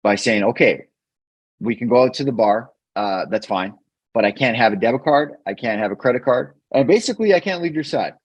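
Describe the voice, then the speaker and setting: A man guest on a podcast, earnestly telling a personal story in a halting way, often repeating words when emotional. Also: medium pitch, expressive, slightly rough, dry recording. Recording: dull, dry podcast mic.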